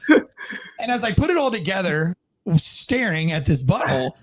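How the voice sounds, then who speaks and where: An American man and former police officer telling a story in a casual interview, animated and profane, acting out the people in it. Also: high-pitched, moderate pace. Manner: animated, profane, acts out quoted voices.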